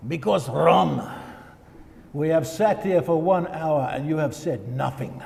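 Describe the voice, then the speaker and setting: A man's voice: on the high side, slow pace, gravelly, a little mellow, big-room sound. A man putting on a blunt, stoic Finnish pastor with a Finnish accent, rolled R's and few words. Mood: dry deadpan. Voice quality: rolled R's, heavy and terse.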